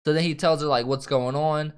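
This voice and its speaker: Animated man retelling a film. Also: a little high, brisk, clean tone. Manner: animated retelling, acts out quoted lines; swears casually, laughs often. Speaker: co-host reviewing a film. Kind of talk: casual chat.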